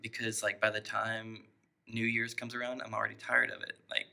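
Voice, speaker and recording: Picture a young man with a drawl, chatting loosely on a podcast. His voice sits low and has a gravelly fry, yet the tone comes out very bright. He keeps poking fun at himself. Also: monotone, moderate pace. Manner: joking, self-mocking, laughs often. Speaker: podcast host. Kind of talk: casual chat.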